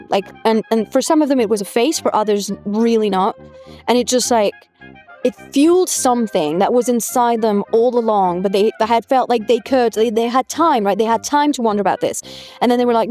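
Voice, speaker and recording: Chatty woman, high voice. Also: fairly quick, darkish tone, soft background music. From France. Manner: chatty, many "like" fillers. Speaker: rabbi, guest. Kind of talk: casual interview talk.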